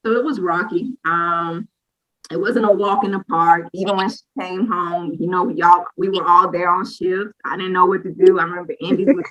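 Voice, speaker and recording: A woman, co-hosting a casual chat and telling a lively personal story, acting out what people said. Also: on the low side, normal speed, highs cut off. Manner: lively storyteller who acts out quotes. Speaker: co-host sharing a personal story.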